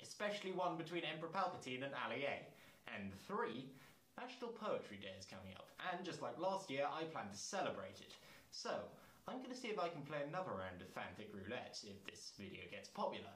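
A man's voice: mid-range voice, very animated, fast, fairly bright tone, echoey room, low-quality recording. A man hosting his channel, reading fan fiction aloud with incredulous comments and asides. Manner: incredulous, breaks into laughter and asides.

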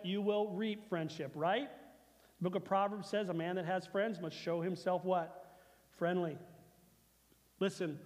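A man's voice: high voice, in a large hall. A man preaching a conversational sermon as pastor, repeating phrases for emphasis. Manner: conversational preaching, repeats phrases, acts out God's lines softly.

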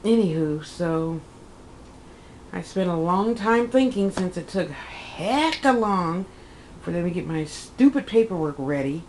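Chatty low-voiced woman in her fifties. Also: lively intonation, measured pace, darkish tone, a little hiss or hum, low-quality recording. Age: 50s. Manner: rambling, chatty, self-correcting, acts out her own quotes. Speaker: vlogger. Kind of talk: casual personal vlog storytelling.

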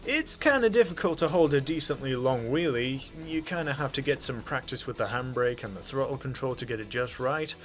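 A man's voice: mid-range voice, animated, fairly quick, hardly any pauses, soft background music. A man hosting a gaming channel, narrating a casual game review in a chatty, offhand way with jokey asides.

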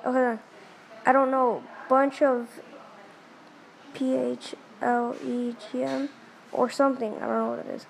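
Excitable woman reacting while reading. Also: on the high side, vocal fry, a little hiss or hum. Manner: excitable, reacts with quick exclamations. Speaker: vlogger reading a chat story. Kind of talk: casual reaction commentary.

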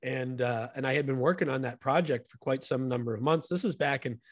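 A man's voice: medium pitch, fairly even intonation, a little fast, dry recording, studio quality. A man, a guest on a podcast, telling stories in an earnest and enthusiastic way. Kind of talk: casual storytelling conversation.

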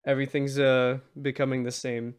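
A man's voice: mid-range voice, flat delivery, fairly quick, clean tone. A man co-hosting a film podcast, casually retelling scenes and laughing easily. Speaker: podcast co-host. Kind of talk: casual film review chat.

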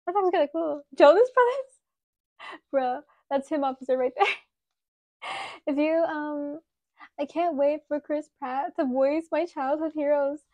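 A woman's voice: high-pitched, unhurried, pauses often, dark tone, dry recording, lo-fi sound. A woman in her late twenties hosting a casual live stream, chatting and giggling with her chat while sculpting clay. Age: 20s. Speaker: livestream host.

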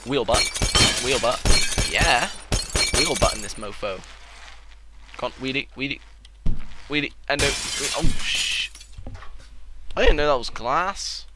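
A young man giving excitable, joking let's-play commentary, crude and sarcastic. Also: medium pitch, takes it slowly, long pauses. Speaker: gaming channel host. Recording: loud background noise.

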